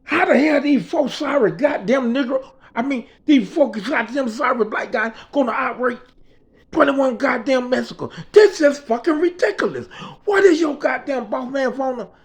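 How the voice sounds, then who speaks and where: A man's voice: very high-pitched, lively intonation, normal speed, voice pushed up. A man voicing a frantic, easily panicked boss who sputters and swears nonstop. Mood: exasperated. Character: frantic cursing male boss, middle-aged, easily panicked.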